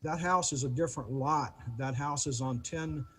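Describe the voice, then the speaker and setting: Halting man speaking over a video call. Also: mid-range voice, a bit bright, a little hiss or hum, low-quality recording. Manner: halting, repeats words. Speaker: neighbor addressing the commission. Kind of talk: public comment at a meeting.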